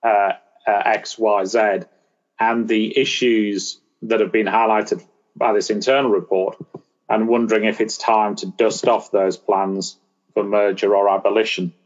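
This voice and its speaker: A man on a casual panel chat, speaking in a hesitant, measured way. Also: lowish voice, little pitch movement. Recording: dull lo-fi audio.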